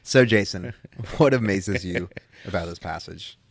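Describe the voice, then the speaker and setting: A man co-hosting a casual faith podcast, talking earnestly and thinking out loud, often restarting his sentences. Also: sits low, a little slow, vocal fry, no room sound, studio quality. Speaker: podcast co-host.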